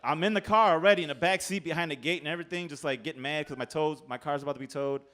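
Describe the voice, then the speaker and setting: A man telling a comic true story on stage, animated, profane and laughing at himself. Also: fairly high pitch, very fast. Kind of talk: live comedic storytelling.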